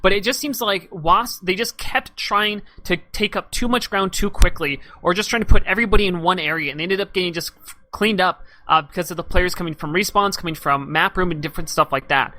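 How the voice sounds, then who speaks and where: A male esports caster calls the action in a high, bright voice that is starting to go a little hoarse. He talks at a rapid clip and breaks down plays in a quick, analytical run. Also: a little hiss or hum. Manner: fast analytical play-by-play. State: losing his voice slightly. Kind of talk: live game commentary.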